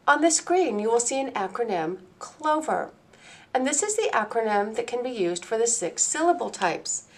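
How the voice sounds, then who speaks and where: A woman narrating a recorded teacher-training lecture. She explains phonics step by step, slowly and with care, in a clear middle-pitched voice. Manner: slow, deliberate, explains step by step.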